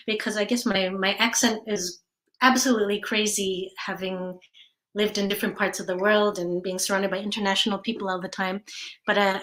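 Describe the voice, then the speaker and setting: A talkative American woman in her forties gives a relaxed live check-in from her art studio. Her voice sits at an ordinary middle pitch, and the room adds a noticeable echo. She rambles, drops in fillers and laughs lightly as she goes. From United States. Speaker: artist and art teacher. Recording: roomy studio sound.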